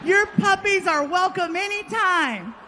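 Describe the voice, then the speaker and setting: A man's voice: extremely high pitch, lively intonation, bright, forceful tone, a little hiss or hum, voice pushed up, heavily acted. Man putting on a bubbly young barista girl. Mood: sweet. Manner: bubbly, singsong, drawn-out. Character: perky young woman barista, sugary and overfriendly.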